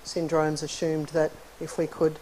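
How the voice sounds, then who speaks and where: A middle-aged woman giving a friendly, chatty conference lecture in a university hall. She often clears her throat between points. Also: sits low, completely flat delivery, a little slow, a little mellow, slight background noise. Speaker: conference keynote speaker, psychologist. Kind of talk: conversational lecture.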